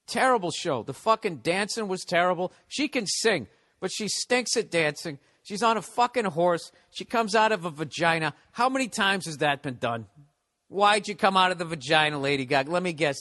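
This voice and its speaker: A man's voice: high voice, fairly bright tone. Profane, ranting male podcast host. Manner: profane, exasperated, sarcastic. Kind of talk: comedic storytelling rant.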